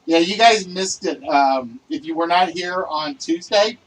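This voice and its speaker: A man hosting a livestreamed list game show, talking loudly and excitably and chatting with his viewers. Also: fairly high pitch, unhurried, recorded from a distance, low-quality recording.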